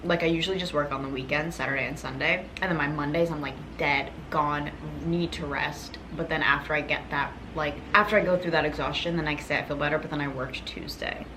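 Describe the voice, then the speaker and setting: A woman's voice: deep voice, steady tone, a little fast, hardly any pauses, noisy background. A young woman vlogging casually about her reading, chatty and rambling with lots of fillers, at home. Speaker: book vlogger. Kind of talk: casual vlog chat.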